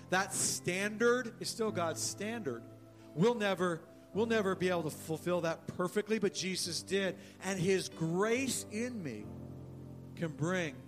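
A man preaching a sermon as pastor, animated, often repeating words and calling for the congregation to respond. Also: high voice.

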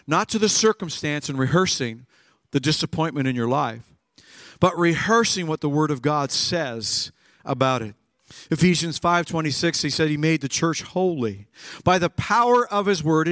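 Male pastor, lively sermon delivery, slightly high voice, faint music behind. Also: no echo. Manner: animated, acts out scenes with shouts. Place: church with live and online congregation.

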